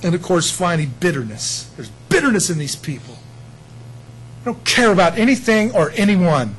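Guy preaching a sermon, kinda high voice, goes quiet then gets loud, faint hum behind. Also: moderate pace, rough recording. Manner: animated, swings between quiet asides and loud emphasis; conversational, with audience asides. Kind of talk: sermon teaching.

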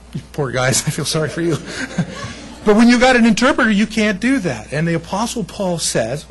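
A middle-aged American man preaching a sermon, telling personal stories in an animated way and often laughing. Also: high voice, a little fast, low-quality recording. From United States. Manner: animated storytelling, laughs often, shifts between loud and hushed. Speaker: pastor.

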